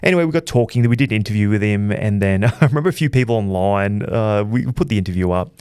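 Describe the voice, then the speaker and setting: Low, excitable Australian boxing vlogger. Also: male voice, fast talker, clear, resonant tone, no echo, clean studio sound. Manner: excitable, rambling, self-deprecating. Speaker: boxing channel host. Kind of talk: casual storytelling recap.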